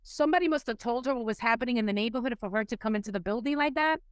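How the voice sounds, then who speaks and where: A woman's voice: on the high side, very fast, clean tone, no room sound. A woman from New York City, a podcast guest, candidly telling a personal recovery story with many restarts and repeated words. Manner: candid, emotional storytelling with frequent restarts and repetitions.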